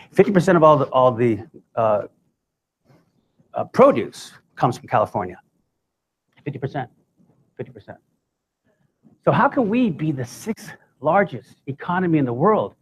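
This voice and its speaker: Male guest speaker, conversational, comic storytelling. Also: fairly high pitch. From United States. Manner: conversational, joking asides.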